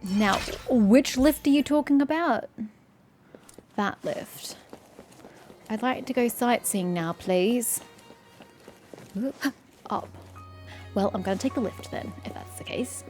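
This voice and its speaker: A woman's voice: a little high, takes it slowly, pauses often, darkish tone. A woman doing let's-play commentary, sarcastic and sweary, ranting about the game. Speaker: gaming streamer. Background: faint game music.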